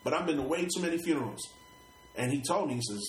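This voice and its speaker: A man's voice: a little high, expressive, fast, reverberant, a little hiss or hum, rough recording. A middle-aged man from Brooklyn with a New York accent, telling stories in an interview in a casual, streetwise way, often repeating and restarting words and swearing freely. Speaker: rapper interview guest.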